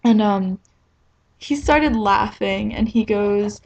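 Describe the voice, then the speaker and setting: A woman's voice: medium pitch, slow pace, creaky, a little mellow, muffled recording. A young woman telling a rambling, self-mocking story in a casual vlog, filling it with "like.". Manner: chatty and rambling, heavy on "like". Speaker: vlogger.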